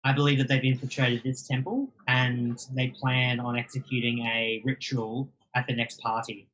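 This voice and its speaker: A man's voice: mid-range voice, flat delivery, moderate pace, fairly bright tone, dull audio, a little hiss or hum. A man speaking as a player in a tabletop game, hesitant with many fillers. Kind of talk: casual tabletop play.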